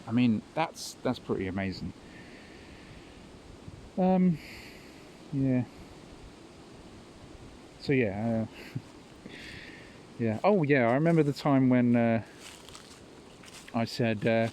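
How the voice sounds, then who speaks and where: A man's voice: mid-range voice, animated, slow pace, long pauses, darkish tone, a little hiss or hum, rough recording. A man hosting a podcast, telling stories in a rambling, casual monologue and chuckling at his own tales. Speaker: podcast host.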